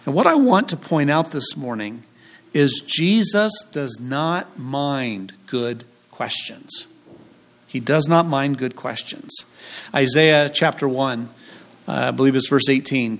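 A man's voice: medium pitch, animated, slow pace, a bit bright. A man preaching a sermon as pastor, in a conversational way with jokes and rhetorical questions.

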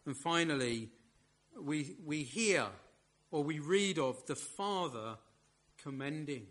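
A man preaching a sermon in a measured, emphatic way, leaning hard on key words. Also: on the high side, animated, a bit bright.

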